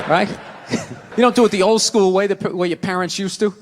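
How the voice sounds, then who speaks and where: A middle-aged man performing stand-up comedy, ranting and profane, often shouting. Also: sits high, moderate pace, big-room sound, noisy background.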